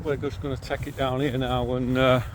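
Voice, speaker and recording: A man's voice: mid-range voice, level tone, normal speed, background noise. Local St Helens man, middle-aged, cheerful casual guide filming a walk outdoors on a handheld camera. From St Helens, England. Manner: chatty, easygoing, cheerful about local sights. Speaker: vlogger guiding a railway walk. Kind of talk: casual walking-tour narration. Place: outdoors by canals and old railway line. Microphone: handheld camera while walking.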